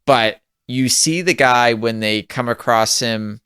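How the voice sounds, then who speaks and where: A man's voice: medium pitch, slow, bright, forceful tone, smooth, no echo, studio quality. A man co-hosting a podcast, opinionated, talking in long run-on explanations. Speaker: podcast co-host. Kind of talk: casual chat.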